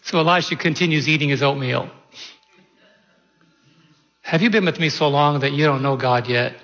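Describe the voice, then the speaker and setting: A man's voice: on the high side, moderate pace, a bit bright, big-room sound, highs cut off. A man preaching a sermon in a church, in a folksy, conversational way full of rhetorical questions. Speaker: pastor.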